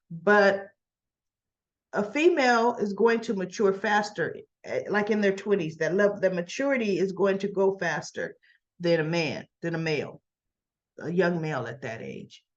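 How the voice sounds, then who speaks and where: A woman hosting a casual soap opera recap, chatting and acting out the characters' lines in a raised voice. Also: medium pitch. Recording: slightly dull lo-fi audio.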